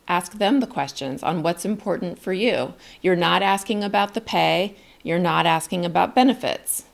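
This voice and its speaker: Encouraging woman coach with a gravelly voice. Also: on the low side. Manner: encouraging, upbeat, emphatic delivery. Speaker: interview coach. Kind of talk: direct-to-camera coaching lesson.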